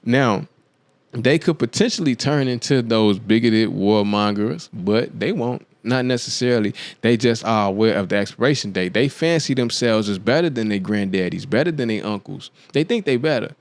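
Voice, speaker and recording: A man's voice: fairly low pitch, moderate pace, dry recording. A man hosting a show, talking through his views in a loose, casual monologue, often checking in with "you dig what I'm saying?". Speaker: podcast host.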